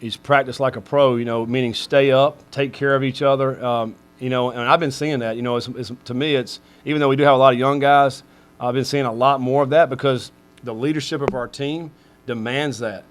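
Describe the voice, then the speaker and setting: A man's voice: medium pitch, fairly even intonation, a little fast. A middle-aged man, a head football coach, answering questions at a press conference in a rambling way full of fillers.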